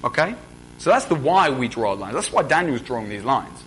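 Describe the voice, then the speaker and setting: Young man, mid pitch, preaching casually, faint rumble behind. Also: very animated, moderate pace, a bit bright, poor audio. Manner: conversational, asks the congregation questions. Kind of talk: sermon.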